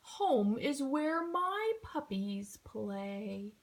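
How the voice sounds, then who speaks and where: A woman voicing a friendly, eager female sled dog who barks loudly and speaks warmly. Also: on the high side, big pitch swings, extremely slow, exaggerated voice. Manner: loud barking, friendly.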